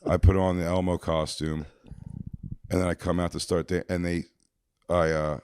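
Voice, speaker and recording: A man's voice: sits low, flat delivery, moderate pace, a little mellow, slight background noise. A man, a podcast co-host telling a long rambling story with many fillers and restarts. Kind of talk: casual storytelling.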